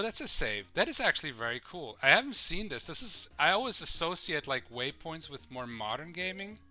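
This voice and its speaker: A man's voice: medium pitch, sharp tone. A man rambling casually and swearing as he plays and comments on a live game stream. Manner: rambling, swears casually, thinks aloud while playing.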